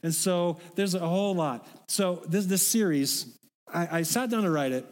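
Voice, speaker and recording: A man's voice: high-pitched, normal speed. A middle-aged man preaching a sermon in a casual, folksy way, with asides to the congregation. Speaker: pastor. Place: church sanctuary. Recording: long hall reverb.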